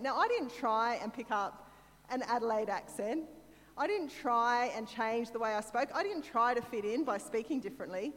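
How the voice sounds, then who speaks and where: A woman's voice: fairly high pitch, expressive, moderate pace, a bit bright, big-room sound. A woman with an Australian accent giving a conversational sermon, telling stories with chatty, self-deprecating asides. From Sydney, Australia. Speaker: church speaker.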